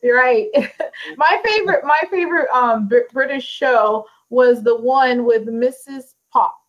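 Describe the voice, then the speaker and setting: An American woman hosting an interview, chatty and quick to laugh, with lots of "you know". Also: high voice, lo-fi sound. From United States. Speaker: interview host. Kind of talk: casual interview chat.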